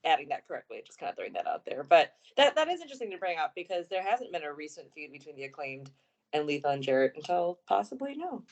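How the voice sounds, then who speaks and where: A woman's voice: low voice, big pitch swings, fast, darkish tone. A woman co-hosting a casual wrestling podcast, thinking aloud with hesitant fillers. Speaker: podcast co-host. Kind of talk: casual wrestling news chat.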